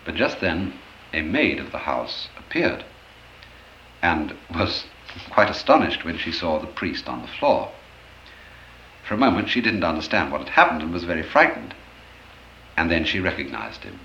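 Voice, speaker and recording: A man giving an expressive storytelling lecture, acting out the anecdotes as he goes. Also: deep voice, normal speed, gravelly, long pauses, a little hiss or hum. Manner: expressive, animated, acts out stories. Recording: roomy, dull old lecture recording.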